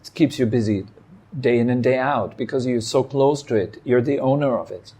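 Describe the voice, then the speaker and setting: A man gives a meditation talk. His voice is mellow and relaxed, at an ordinary male pitch. He speaks calmly and reflectively, in short phrases broken by pauses. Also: breathy edge. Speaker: meditation teacher. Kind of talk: dharma talk. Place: meditation hall.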